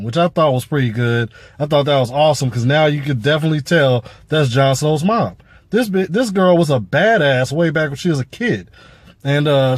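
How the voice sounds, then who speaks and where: A man's voice: on the high side, darkish tone, dry recording. A man giving a casual, profane review of a TV episode, rambling with lots of fillers. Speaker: show reviewer.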